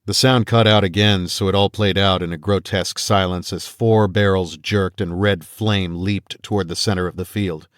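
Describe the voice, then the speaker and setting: A man reading a first-person fantasy audiobook aloud in a measured storytelling manner, voicing the characters he quotes. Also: low voice, fairly even intonation, a bit bright, no echo, clean studio sound. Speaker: audiobook narrator.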